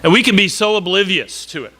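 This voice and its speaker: A man's voice: high voice, animated, quick pace, bright, forceful tone. A man from northern Wisconsin preaching a sermon in an earnest, conversational way, often repeating words and slipping in joking asides.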